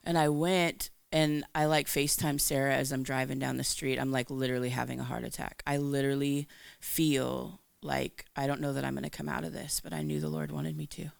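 A woman giving a candid, animated personal faith testimony, acting out her own lines of dialogue as she tells it. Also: rumbling low, a little fast, gravelly, no echo. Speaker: Christian speaker.

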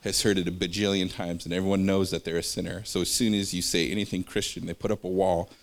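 A man with a lowish voice teaching from faith in a casual, loose way. He keeps drifting into personal stories and says so himself, filling gaps with small hesitations. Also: flat delivery, quick pace. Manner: rambling, jumps between stories; conversational, with fillers.

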